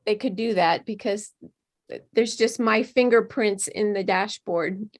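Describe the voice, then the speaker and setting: A woman's voice: mid-range voice, measured pace. A middle-aged woman performing a stand-up comedy set over a video call from home, self-mocking and laughing between jokes. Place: her home.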